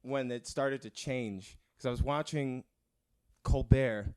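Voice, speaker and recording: A man's voice: mid-range voice, slow pace, a little mellow, clear, resonant tone, dry recording, studio quality. A male comedian guest on a podcast, telling rambling anecdotes in casual chat, full of "like" and quoted voices.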